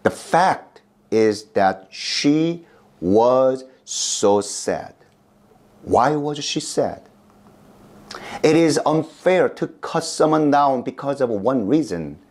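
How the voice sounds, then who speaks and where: Korean-accented pastor, middle-aged guy, slow emphatic sermon, voice swings up and down a lot. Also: animated, darkish tone. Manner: slow, emphatic delivery with big pitch swings.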